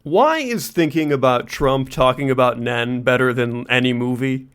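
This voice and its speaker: A man co-hosting a comedy podcast, riffing in an excitable, casual way. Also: medium pitch, normal speed, clean tone. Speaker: podcast co-host.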